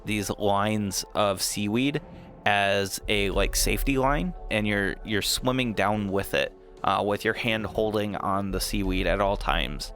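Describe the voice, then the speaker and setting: A man's voice: lowish voice, measured pace, fairly bright tone. A man narrating a tabletop game as dungeon master, casual and laughing often, with many fillers.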